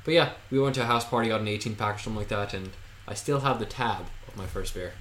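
In a relaxed podcast conversation, this twenty-something male co-host wanders through his thoughts, leaning heavily on filler words. He talks quickly in a lowish, slightly bright voice, and the room echoes with a little background noise.

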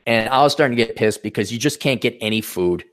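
A middle-aged man co-hosting a podcast, telling profane anecdotes in a blunt, animated way. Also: medium pitch, fast talker. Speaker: podcast co-host. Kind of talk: casual chat, storytelling.

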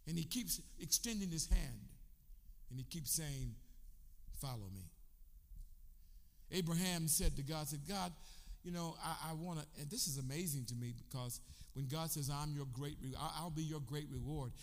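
A man preaching a sermon in a church, emphatic, rising into shouts and sung phrases, and calling on the congregation to answer. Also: a little high, moderate pace. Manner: leads the congregation in call and response. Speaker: pastor. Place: church sanctuary. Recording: echoey hall.

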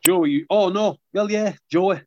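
A young man, chatting in an interview about playing rugby league, with a relaxed, self-deprecating manner and lots of restarts. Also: sits high, a little slow, no room sound, highs cut off. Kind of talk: casual interview chat.

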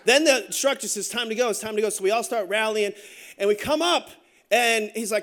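A middle-aged man preaching a sermon as pastor, telling stories with joking asides in an animated way. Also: high-pitched, fast talker.

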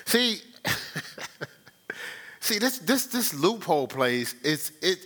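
Animated preaching man, lively bright voice. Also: high-pitched, unhurried. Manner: animated, rhetorical questions, repeats himself. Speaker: pastor. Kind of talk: conversational sermon.

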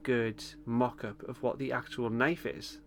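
A man in easygoing podcast chat, his voice sitting at an ordinary middle pitch. He rambles a little, fills gaps with ums and breaks into laughter often. A faint hiss sits under his voice. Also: flat delivery, measured pace. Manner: chatty, laughs often, hesitant with many ums. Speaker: podcast co-host. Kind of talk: casual chat recapping a TV episode.

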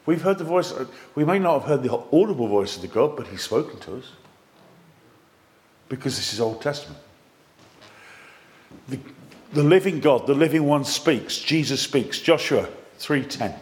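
Lively, jokey man preaching a sermon. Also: medium pitch, moderate pace, pauses often. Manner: lively, jokey asides, reads scripture with emphasis.

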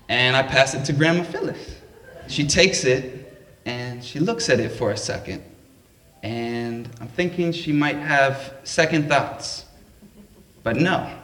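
A man spins a funny personal story live, wry and self-deprecating, in a fairly high voice at a relaxed, unhurried pace. His voice carries through an echoey room with faint background noise. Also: recorded from a distance. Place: live event at a public library.

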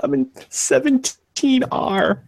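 A man doing Oscar, a squeaky terrified little creature. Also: takes it slowly, vocal fry, no room sound, studio quality, heavily acted. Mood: frightened babbling. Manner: panicky, high-pitched babbling. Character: tiny frightened male humanoid, trembling and pleading.

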